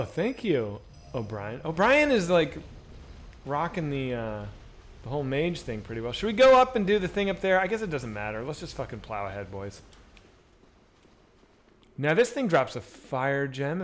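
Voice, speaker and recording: Man, game streamer, casual live commentary, very animated pitch, talks back to viewers, salty language. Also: moderate pace. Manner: animated, swears freely, chats back to viewers.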